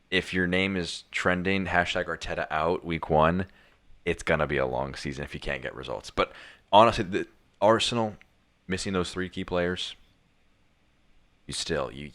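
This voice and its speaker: Young guy w a super deep voice chatting football, rambly, keeps restarting. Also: fairly bright tone. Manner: rambling, many restarts and fillers. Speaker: podcast co-host. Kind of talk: casual football chat.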